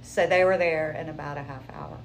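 A woman sharing her personal testimony in an interview, telling it in a lively, conversational way. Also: low voice, fairly quick, a little hiss or hum, poor audio. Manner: animated, conversational storytelling.

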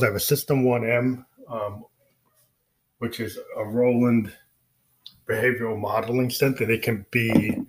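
A man who is a musician, talking casually and rambling about his music with many fillers and restarts. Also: mid-range voice. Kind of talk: casual spoken explanation.

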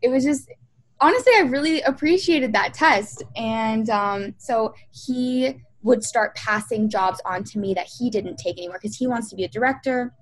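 A young woman who produces music videos chats in a casual interview, telling stories packed with fillers and acted-out quotes. Her voice is fairly high at normal speed, on a low-quality recording.

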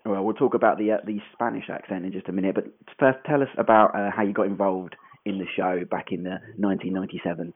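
Man, radio host, fairly low voice, playful chatty interviewer. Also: fairly even intonation, quick pace, hardly any pauses, slightly rough, phone-quality sound.

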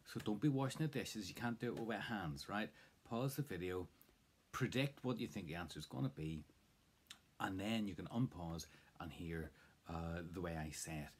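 A man's voice: low voice, expressive, normal speed, husky. A man giving a casual, chatty spoken language lesson, coaching the listener along. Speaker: language teacher. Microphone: close mic to camera.

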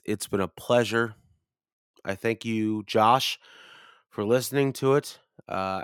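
A man's voice: lowish voice, clear, resonant tone, no echo, studio quality. A drunk man co-hosting a podcast, rambling through a profane story and acting out the people in it. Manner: profane, loud, rambling, acts out the people in his stories. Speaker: podcast co-host.

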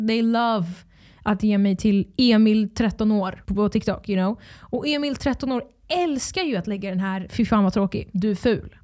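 Casting: hoarse young Swedish woman, casual host chat, salty and animated. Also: medium pitch. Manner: switches between English and Swedish, swears often, animated outbursts. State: hoarse from screaming. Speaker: podcast host.

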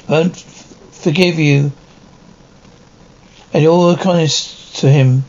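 A man reading the part of a sympathetic aunt consoling a grieving woman, gentle and soothing. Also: fairly high pitch, fairly even intonation, slow pace. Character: sympathetic middle-aged aunt visiting the bereaved. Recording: dull, slightly noisy recording.

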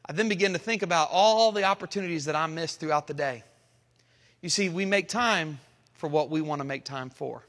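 Man pastor preaching, high voice, big echoey church sound. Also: fairly bright tone. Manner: preaching with surging emphasis and dramatic pauses. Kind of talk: sermon. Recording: long hall reverb.

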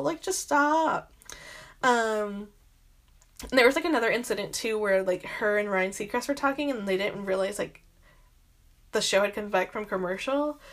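A young adult woman hosting a podcast, rambling through exasperated gossip commentary with constant filler words and frequent swearing. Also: medium pitch. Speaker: podcast host.

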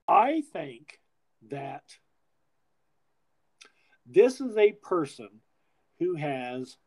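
A man chatting casually as a podcast host, wandering through his thoughts with plenty of restarts. He swears freely, and his voice sits somewhat high for a man. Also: a little mellow, rough recording. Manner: rambling, profane, frequent restarts. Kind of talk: casual chat.

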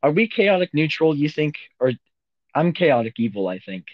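Young guy rambling and joking on a podcast, kinda high voice, dry dull mic. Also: very animated, normal speed, no echo. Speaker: podcast co-host. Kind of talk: casual chat.

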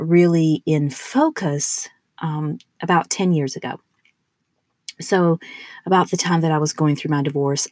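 Southern woman in her 40s, spiritual podcast host, soft and affirming, low voice, dry close sound. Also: no room sound. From southern United States. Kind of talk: gentle personal monologue.

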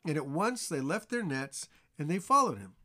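A man's voice: fairly high pitch, sing-song, normal speed, sharp tone. A man teaching a Bible chapter as pastor, with earnest, repetitive emphasis.

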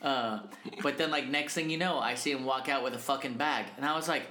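A young man co-hosting a casual podcast, telling animated stories full of swearing and acted-out quotes. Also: medium pitch, a little fast. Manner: animated storyteller, swears a lot, acts out quotes. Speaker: podcast co-host. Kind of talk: casual chat. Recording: echoey room, faint noise.

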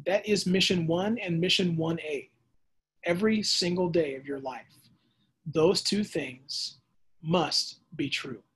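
High-voiced, husky male preacher. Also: slow. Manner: lively preaching with acted-out voices and conversational asides. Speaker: pastor. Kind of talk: sermon. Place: church or home setting during the pandemic.

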